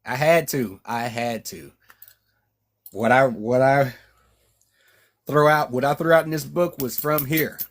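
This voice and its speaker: Slow, measured male author reading aloud. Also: medium pitch. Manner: measured reading with frequent restarts. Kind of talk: reading his own novel aloud and chatting.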